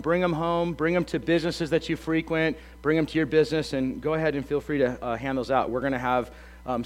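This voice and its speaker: A slightly hoarse man in his thirties, a pastor giving a casual, joking sermon full of ums and uhs. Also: fairly high pitch. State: a bit hoarse.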